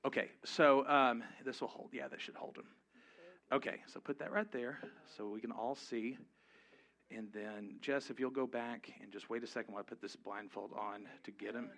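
A man's voice: medium pitch, fairly even intonation, normal speed, vocal fry, a bit bright. A man preaching a sermon to his congregation, conversational and humorous, rising to emphatic peaks. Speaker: pastor. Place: church before a live congregation.

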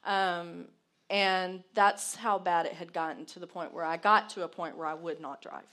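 A woman co-hosting, hesitantly sharing a personal story, with many pauses and restarts. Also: on the low side, steady tone, bright, forceful tone. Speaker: co-host, wife sharing her experience. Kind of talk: candid personal talk.

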